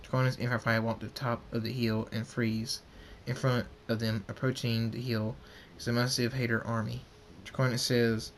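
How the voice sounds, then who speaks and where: A man reading his own fan story aloud, halting and restarting often. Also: medium pitch, little pitch movement, slight background noise.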